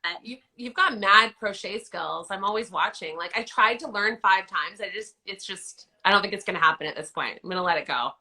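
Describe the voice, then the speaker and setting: A woman with a Canadian accent hosting a casual live chat, upbeat and firing off quick questions. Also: mid-range voice, bright, forceful tone. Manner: upbeat, quick-fire questions, friendly laughter. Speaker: host asking quick questions. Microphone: phone live stream.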